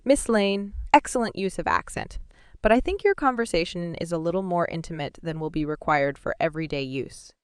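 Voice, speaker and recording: A woman voicing a stern, prim young female language teacher in an audiobook, with a smooth voice. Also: fairly low pitch, a little fast, no room sound, studio quality, lightly acted.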